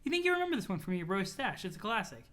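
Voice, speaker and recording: Animated, bright-voiced streamer. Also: mid-range voice, racing. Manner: animated, chatty, swears casually; thanks chat followers, talks to viewers. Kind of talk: casual live-stream chat while reading a webcomic aloud.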